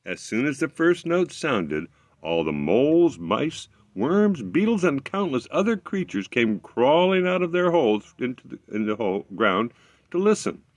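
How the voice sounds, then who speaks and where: A man reading a fairy tale aloud, expressive, with occasional slips he corrects as he goes. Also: mid-range voice, unhurried, dry recording. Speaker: storyteller.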